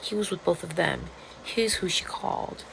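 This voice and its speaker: A woman vlogger in a casual, excitable rant, retelling a webcomic plot with plenty of swearing and outbursts. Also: lowish voice, moderate pace, gravelly, noisy background. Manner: excitable and profane, storytelling with gasps and outbursts.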